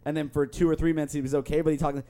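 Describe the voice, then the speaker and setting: A young man in relaxed conversation whose voice sits a touch higher than most. He tells stories animatedly, swears freely and acts out what people said. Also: very fast. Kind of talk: casual storytelling chat.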